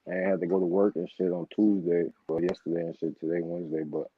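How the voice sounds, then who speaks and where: A man's voice: low voice, fast, breathy edge, no echo. A young man, telling a story about his boss in casual, profane chat and acting out the heated exchange. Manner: profane, animated storytelling with quoted outbursts. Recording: dull, lo-fi sound.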